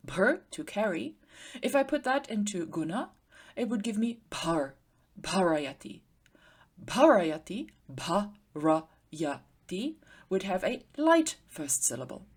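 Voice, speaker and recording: A woman teacher giving an explanatory grammar lecture, patiently slowing down to spell out word forms. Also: mid-range voice, sing-song, husky. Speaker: Sanskrit teacher.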